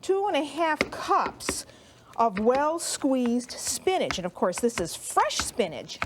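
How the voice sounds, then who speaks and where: A woman's voice: high voice, big pitch swings, slow, background noise. A middle-aged woman hosting a cooking show, explaining each step in a chatty, homey way, a bit out of breath as she rolls dough. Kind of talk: cooking demonstration.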